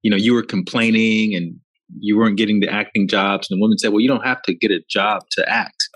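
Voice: medium pitch, steady tone, brisk, a bit bright, slightly rough, no echo. An interviewer asking a guest to share a story, encouraging and brief. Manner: encouraging, brief listener responses. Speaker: host. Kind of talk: interview questions.

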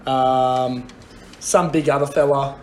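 A young man co-hosting a podcast, telling a pub story in blunt, profane, deadpan chat. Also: medium pitch, slow pace, slight background noise. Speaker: podcast co-host. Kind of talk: casual storytelling.

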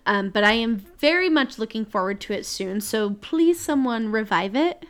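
A woman's voice: fairly high pitch, animated, normal speed. A woman co-hosting a podcast, chatting casually and teasing with a giggle. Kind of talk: casual chat.

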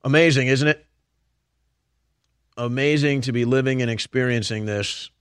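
A man's voice: medium pitch, normal speed, clean tone, dry recording, clean studio sound. A man hosting a political commentary show, delivering a heated, ranting monologue straight to his audience. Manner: heated, ranting, addresses listeners as folks and man.

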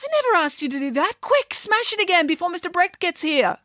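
A woman voicing a petulant, whiny schoolgirl in a shrill, very high voice. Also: sing-song, a little fast, no echo, studio quality. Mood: indignant.

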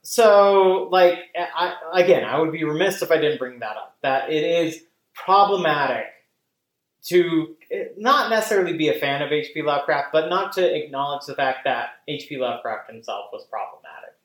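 A casual podcast host who rambles with lots of fillers and swears freely. The voice sits at a middle pitch and carries a roomy echo. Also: moderate pace. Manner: rambling, animated, profane, many fillers. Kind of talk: casual chat.

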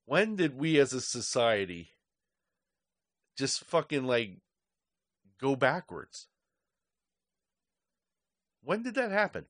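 A man's voice: mid-range voice, big pitch swings, slow pace, long pauses, fairly bright tone, no room sound. Middle-aged male podcast host, angry profane rant, dry recording.

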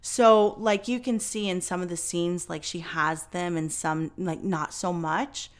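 A woman's voice: lowish voice, fairly even intonation, measured pace. A woman hosting a podcast, telling a story in casual chat with lots of fillers and some swearing. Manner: chatty, many fillers, swears. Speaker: podcast host.

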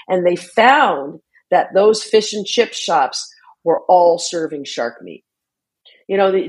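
Very husky low-pitched woman. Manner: earnest and explanatory, frequent restarts and fillers. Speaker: interview guest, shark conservation advocate. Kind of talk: conversational interview answer.

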